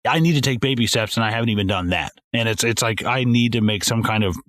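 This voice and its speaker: A man hosts a casual podcast about a film. He rambles, swears freely and keeps restarting his thoughts, with his voice at an ordinary middle pitch. The recording is close and dry. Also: quick pace, fairly bright tone, no echo. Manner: rambling, profane, many restarts. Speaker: podcast host. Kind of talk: casual movie discussion.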